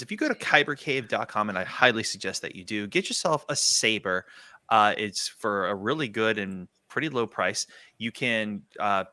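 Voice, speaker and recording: A man's voice: medium pitch, bright, forceful tone, dry recording. A man on a casual podcast, plugging his sound design work with an upbeat, showman-like delivery. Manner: showman-style announcing, upbeat.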